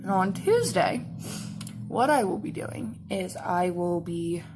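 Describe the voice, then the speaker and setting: This young makeup and cosplay vlogger has a lowish, slightly mellow voice with lively intonation, and she talks slowly as she does her makeup. Her rambling chatter is full of laughs and "like" fillers, over a faint hiss or hum.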